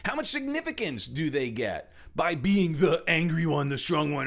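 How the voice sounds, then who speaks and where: A middle-aged man gives a motivational talk as a speaker and trainer, his slightly high voice creaky, moving at a moderate pace with hardly any pauses. He's animated, swinging between loud emphasis and hushed asides while acting out quoted voices.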